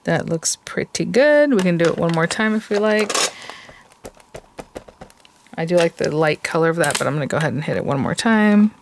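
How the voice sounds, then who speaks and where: A woman's voice: fairly low pitch, lively intonation, moderate pace, long pauses, background noise. A woman hosting a casual crafting tutorial, chatty and thinking aloud as she works. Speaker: crafting host.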